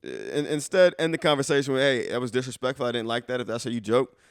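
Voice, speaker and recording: A man's voice: mid-range voice, fast, clear, resonant tone, dry recording, clean studio sound. A man co-hosting a podcast in casual chat, teasing and profane, giving blunt advice and laughing often. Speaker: podcast co-host.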